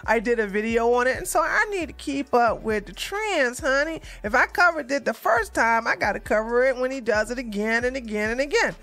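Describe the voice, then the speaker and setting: A woman giving casual, animated reaction commentary as a news vlogger, chatty and often laughing. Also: fairly high pitch, fairly quick, hardly any pauses.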